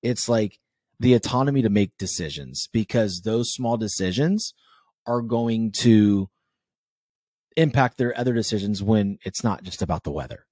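A man with a fairly low voice, chatting as a podcast host. He is animated and jokey, and he swears freely. The sound is dry and close to the mic. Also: normal speed, no room sound. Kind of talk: casual conversation.

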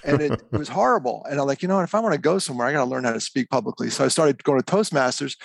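A man with a gravelly, fry-tinged voice talks as a guest in a podcast interview. He tells stories about himself candidly and with self-deprecating humor. The sound is dry and close. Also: mid-range voice, no room sound. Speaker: guest speaker. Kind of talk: conversational interview.

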